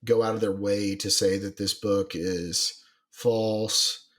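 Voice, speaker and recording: A man co-hosting a casual podcast, his voice sitting fairly low. He rambles, restarts his sentences and leans on fillers as he thinks aloud. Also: fairly even intonation, slow pace, a bit bright. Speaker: podcast co-host. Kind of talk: casual chat.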